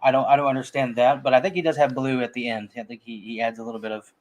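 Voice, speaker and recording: A man's voice: medium pitch, steady tone, racing, dull audio. A man in casual conversation about a film, talking in a rambling way with frequent restarts and fillers. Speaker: movie podcast co-host.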